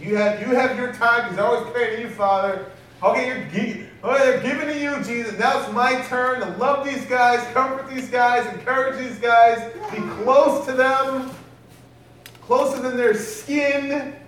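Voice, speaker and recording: A man's voice: very high voice, unhurried, a bit bright, slight background noise, pitched above the performer's own voice. A man preaching who voices the Holy Spirit as a tender spirit, urgent and pleading to be noticed. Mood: eager. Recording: echoey hall from far off.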